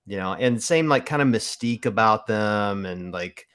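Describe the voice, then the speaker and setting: A man appearing as a guest on a casual podcast, recounting a story with enthusiastic, halting phrasing. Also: fairly low pitch, expressive, fairly bright tone, clear, resonant tone.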